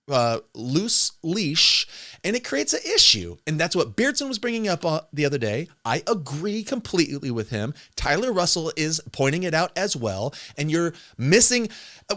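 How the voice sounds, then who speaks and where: A man with a notably high voice delivers a heated, combative rant. He talks in an accusatory, profane way and hammers his points home. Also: a bit bright. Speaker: streamer in an online debate.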